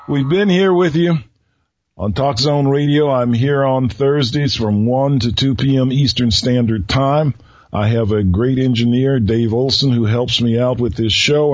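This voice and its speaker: A man hosting his own radio show, telling riddles to listeners in a slow, folksy, teasing way. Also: medium pitch, no room sound, muffled recording. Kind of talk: solo radio talk with riddles.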